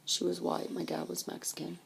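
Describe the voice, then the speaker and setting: Low, gravelly woman telling her life story. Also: fairly quick. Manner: animated, reminiscing, acts out voices. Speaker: storyteller recalling her childhood. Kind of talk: personal storytelling.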